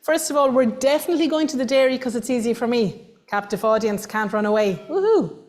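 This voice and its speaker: A woman with an Irish accent giving a lively, emphatic workshop talk to a room of people, now and then acting out what others say. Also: a little high, quick pace. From Ireland. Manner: animated, emphatic, acts out voices of others. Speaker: workshop presenter. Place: meeting room with audience.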